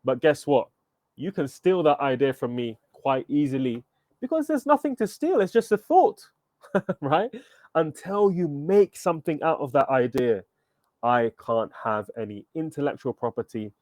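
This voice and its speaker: A man coaching an online entrepreneurship workshop, energetic and upbeat, asking viewers for thumbs up and comments. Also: on the high side, moderate pace, no echo. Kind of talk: live online workshop teaching.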